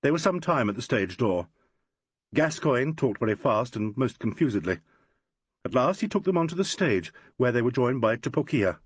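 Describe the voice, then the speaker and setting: Man, audiobook narration, expressive, husky, dry close sound. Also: medium pitch, moderate pace, no echo.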